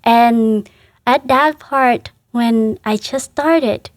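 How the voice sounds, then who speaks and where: A woman's voice: fairly high pitch, dry recording, clean studio sound. Earnest woman, religious sister guest. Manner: earnest, halting, emotional recollection. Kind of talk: interview conversation.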